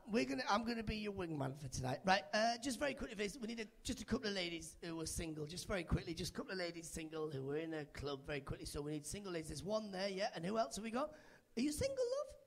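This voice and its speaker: A male stand-up comic works the room with chatty, teasing banter, his fairly high voice leaping all over the place. There's a gravelly, husky edge to his tone. He talks into a handheld mic on a club stage. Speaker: stand-up comedian. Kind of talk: live stand-up with crowd work.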